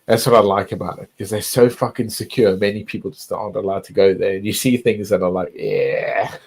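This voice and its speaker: A man's voice: fairly low pitch, brisk, creaky, darkish tone, breathy edge, poor audio. A man chatting casually, rambling and repeating himself, swearing often. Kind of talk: casual chat.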